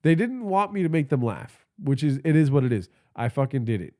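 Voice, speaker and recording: With a sing-song lilt, a fairly quick pace and a dark, medium-pitched tone, a man hosts a podcast livestream. He spins rambling, profane, casual stories into the phone in his hand while sounding congested.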